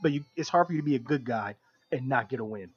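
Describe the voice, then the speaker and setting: A man's voice: medium pitch, lively intonation, quick pace, breathy edge. A man co-hosting a radio talk show, giving long, opinionated explanations in casual chat. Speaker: co-host of a wrestling review show. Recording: lo-fi radio broadcast.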